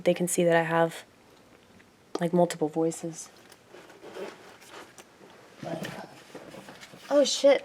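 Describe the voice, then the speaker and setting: Woman vlogger, mid pitch, rambling and giggly, faint noise behind. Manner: rambling, laughing often, drifting from loud to murmured. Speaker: YouTuber. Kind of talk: casual vlog chat.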